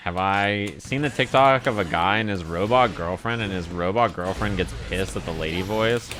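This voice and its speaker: A man's voice: deep voice, normal speed, a bit bright, soft background music. A man rambling and swearing casually to his chat while playing a fighting game live. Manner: profane, rambling, exasperated. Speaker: streamer.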